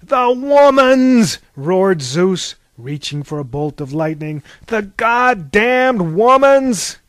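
A man voicing Zeus, a thundering old king of the gods who roars his words slowly, in a dry recording. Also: on the high side, darkish tone, dry recording, close to an everyday voice. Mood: roaring. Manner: roaring, slow and emphatic.

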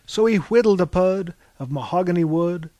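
A man's voice: high-pitched, normal speed, dark tone, dry recording, natural voice. A man narrating and voicing a bawdy, mischievous young man with a cheeky, sing-song delivery.

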